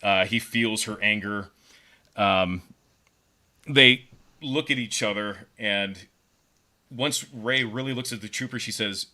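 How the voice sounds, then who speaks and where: A man co-hosting a podcast, pitching a story casually with lots of fillers and repeated words. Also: slow, pauses often, bright, forceful tone. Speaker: podcast co-host.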